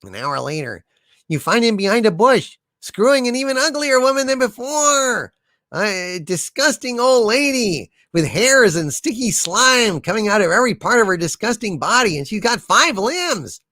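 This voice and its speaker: A man hosting a comedy livestream with a bright, sharp voice that swoops up and down as he tells jokes. He plays the storyteller with theatrical flair, reading chat and hamming up the punchlines. The sound is dry and close on the mic. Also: sits high, sing-song, normal speed, dry recording. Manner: playful, theatrical joke telling.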